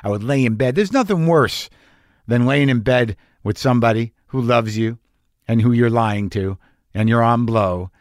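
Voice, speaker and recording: A man's voice: fairly low pitch, no echo, studio quality. A man telling a confessional stand-up story in a profane, self-deprecating, rambling way. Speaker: stand-up comedian.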